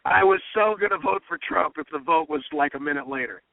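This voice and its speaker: A man's voice: fairly high pitch, expressive, brisk, vocal fry, no room sound. A man hosting a political talk radio show, emphatic and impassioned, often repeating himself. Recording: dry, phone-like radio sound.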